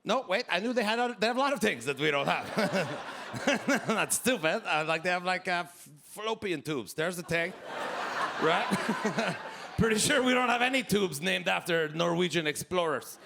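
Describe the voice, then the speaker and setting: A man in his fifties with a Québécois French accent doing a loud, animated stand-up set, shouting his punchlines. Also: sits high, moderate pace, gravelly, noisy background. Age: 50s. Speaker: stand-up comedian. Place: comedy club stage. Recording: live club with loud crowd laughter. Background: audience laughing.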